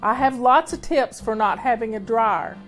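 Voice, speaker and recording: A woman's voice: fairly high pitch, normal speed, fairly bright tone. Chatty older woman over music. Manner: chatty, folksy, talks over background music. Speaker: home-organizing show host. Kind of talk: casual live chat with viewers. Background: faint music playing.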